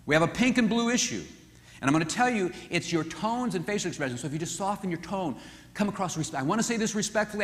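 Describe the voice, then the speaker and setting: Animated male marriage seminar speaker. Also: high voice. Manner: animated, acts out quoted voices. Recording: echoey hall with long reverb.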